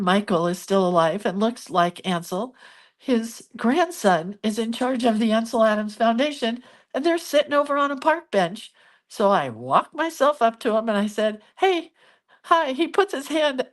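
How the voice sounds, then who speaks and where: A middle-aged woman vlogging, telling a story to camera in an emotional, animated way, with sighs and laughs. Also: on the high side.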